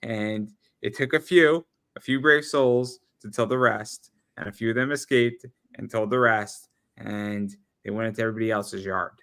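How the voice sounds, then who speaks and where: A man guesting on a casual podcast, talking in an easygoing, halting way. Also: fairly low pitch, fairly even intonation, a bit bright. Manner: halting, easygoing, restarts sentences. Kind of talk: casual chat.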